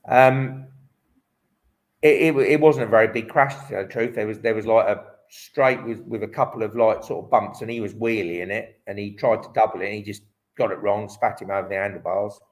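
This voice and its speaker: A man's voice: fairly low pitch, fairly even intonation, a little fast, rough recording. A man in his fifties, a former motocross champion, telling stories as a guest in a live online interview in a rambling way full of restarts. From Britain. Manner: rambling, restarts often, lots of "um" and "like".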